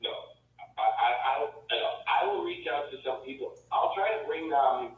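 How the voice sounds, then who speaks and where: A man from Canada, a guest on a live stream, talking casually in an animated, halting way and often repeating himself. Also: mid-range voice, echoey room, recorded from a distance, over music, poor audio. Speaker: livestream guest.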